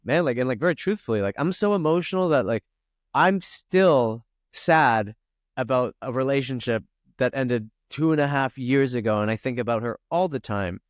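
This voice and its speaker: A man's voice: medium pitch, lively intonation, fast talker, few pauses, no echo, studio quality. A man, a spiritual coach and podcast guest, speaking earnestly and openly, swearing now and then. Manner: earnest, confessional, swears casually. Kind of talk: candid conversational interview.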